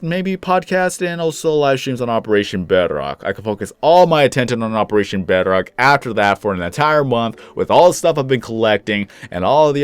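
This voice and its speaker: A man's voice: medium pitch, smooth, no echo. Young guy yapping casually over gameplay, mid voice, dry close sound, laughs at himself a lot. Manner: rambling, chatty, laughs at himself. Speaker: gaming YouTuber. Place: home computer desk.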